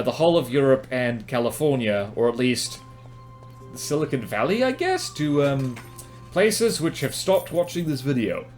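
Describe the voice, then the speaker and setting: A man from New Zealand with a New Zealand accent, giving rambling, self-mocking commentary over his gameplay. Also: medium pitch. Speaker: gaming commentator.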